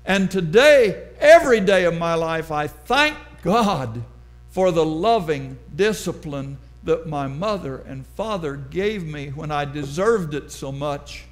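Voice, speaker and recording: A middle-aged man preaching a sermon, telling a personal story slowly and dramatically. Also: fairly high pitch, animated. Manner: slow, deliberate, dramatic storytelling.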